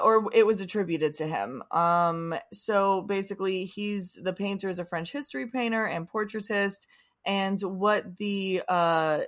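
A young woman co-hosting a casual TV recap podcast, rambling, swearing freely, and trailing off into restarts. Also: fairly low pitch. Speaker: podcast co-host. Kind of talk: casual chat.

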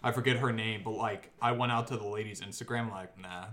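Low-voiced gossipy man. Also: steady tone, a little fast, a bit bright. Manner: gossipy, profane, laid-back. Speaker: podcast co-host. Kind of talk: casual chat.

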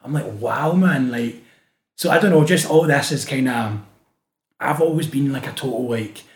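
A Scottish man with a Glasgow-area accent talks as a guest in a casual podcast chat, his voice sitting at an ordinary middle pitch. He tells his stories with energy, swears freely and acts out the people he quotes. The recording has a noticeable roomy echo. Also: moderate pace. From Scotland. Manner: animated storytelling, swears often, acts out quotes. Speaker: guest, street artist.

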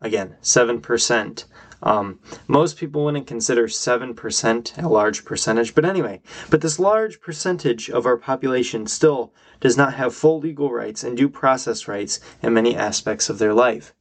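A man's voice: mid-range voice, normal speed. A young man hosting his own podcast, giving emphatic, argumentative solo commentary and getting worked up. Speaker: podcast host.

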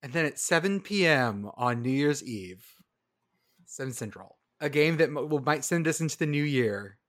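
A man hosts a casual podcast conversation. His voice sits a touch high, and he talks in a playful, deadpan way. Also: moderate pace. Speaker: podcast host. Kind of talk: casual chat.

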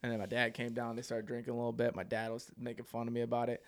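A young man with a Midwestern American accent, co-hosting a podcast, telling stories in animated casual chat and swearing freely. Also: mid-range voice, very fast. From Ohio. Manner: animated, swears a lot, acts out quotes loudly. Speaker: podcast co-host.

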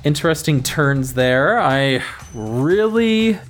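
Man, game master, podcast host, measured descriptive narration, faint music behind. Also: on the high side, animated.

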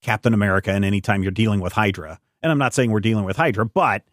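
A man co-hosting a casual comic review chat, rambling and self-correcting with animated enthusiasm. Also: lowish voice, rapid-fire, no room sound, studio quality. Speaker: podcast co-host.

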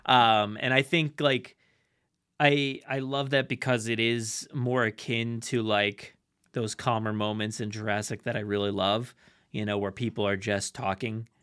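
A man's voice: fairly low pitch, flat delivery, measured pace, fairly bright tone, clear, resonant tone. A man hosting a podcast, chatting casually and laughing often while he talks. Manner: chatty, laughing, restarts a lot. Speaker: podcast host. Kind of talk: casual chat.

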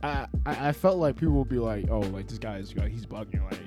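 A man's voice: on the low side, animated, quick pace, over loud music. A man in his twenties co-hosting a casual podcast, rambling with lots of fillers and acting out what people said. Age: 20s. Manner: rambling, filler-heavy, acts out quoted voices. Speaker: podcast co-host. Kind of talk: casual chat.

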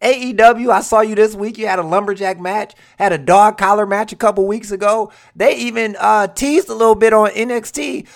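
A speaker giving a casual countdown of wrestling moments, excitable, laughing and acting out scenes in quoted voices. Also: mid-range voice, brisk, vocal fry, few pauses. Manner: laughs while telling. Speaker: wrestling commentator.

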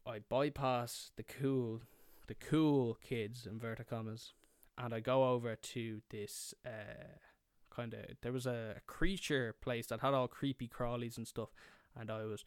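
A man's voice: mid-range voice, steady tone, measured pace, clean tone, dry recording, clean studio sound. A young man with an Irish accent telling a comic story, swearing a lot and acting out the people in it. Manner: swears a lot, acts out his younger self and friends.

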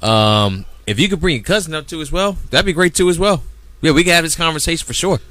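A laid-back man hosts a casual podcast, speaking loosely with plenty of fillers. His voice is bright and forceful, and the recording is dry and close. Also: a little high, animated, fast talker, no room sound. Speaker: podcast host.

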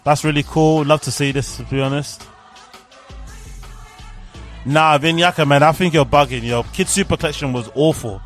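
A man's voice: fairly high pitch, normal speed, pauses often, fairly bright tone. Young guy, loose slangy commentary, swears a lot, faint music underneath. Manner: candid, slangy, swears freely. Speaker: podcast host. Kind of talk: casual live reaction commentary.

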